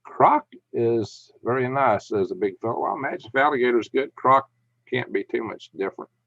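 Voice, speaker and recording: A man's voice: mid-range voice, normal speed, no room sound, highs cut off. A man hosting a live stream, telling rambling anecdotes and reading chat with chuckles. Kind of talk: casual storytelling and reading chat.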